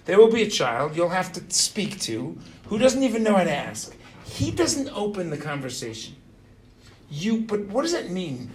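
A middle-aged man teaching an informal religious lesson to students. He is animated, keeps quizzing the class and tags his points with "right?". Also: sits high, moderate pace, slight background noise.

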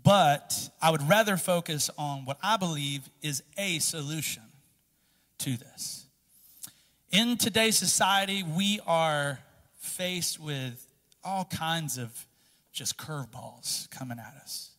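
A man preaching as a pastor, moving from quiet, halting confession to loud, impassioned preaching. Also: fairly high pitch. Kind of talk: sermon. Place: church sanctuary. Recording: long reverb of a large hall.

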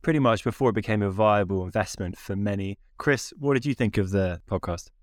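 Relaxed low-voiced podcast host man. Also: fairly quick, no echo. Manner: relaxed, easy, introduces segments. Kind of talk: casual chat.

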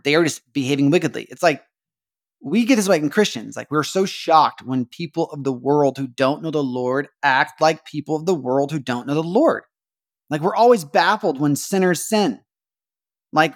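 A man hosting a podcast, talking through a Bible passage in a casual, chatty way, with frequent "like" fillers and restarts. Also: fairly high pitch. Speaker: podcast host. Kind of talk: casual Bible-study monologue.

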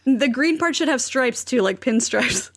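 A woman's voice: sits high, expressive, unhurried, breathy edge. A woman co-hosting a podcast in casual chat, with playful, exaggerated banter. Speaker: podcast co-host. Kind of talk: casual chat recapping a TV show.

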